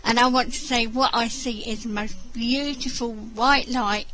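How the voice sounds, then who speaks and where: A woman medium leads a spiritual reading over an online voice chat, her voice sitting on the higher side. She talks straight to the person she is reading for and keeps asking whether they understand. A faint hum sits under the computer mic. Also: steady tone, a little slow, low-quality recording. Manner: warm, repeatedly checks in with the sitter. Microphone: computer mic in an online voice chat room.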